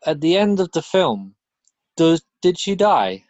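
A man's voice: on the high side, big pitch swings, unhurried, darkish tone, no room sound, lo-fi sound. A man co-hosting a podcast in casual chat, making dry joking asides. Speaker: podcast co-host.

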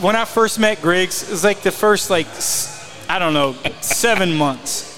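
Male podcast co-host with a high voice, a former mini tour golfer, tells rambling self-mocking stories. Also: measured pace, bright, forceful tone, soft background music. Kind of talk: casual chat.

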